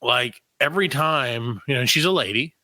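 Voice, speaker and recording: A man's voice: medium pitch, animated, normal speed, pushed and bright, no echo. A man hosting a comedy podcast, telling a rambling story in casual chat. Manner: rambling, with frequent restarts and fillers. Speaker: podcast host.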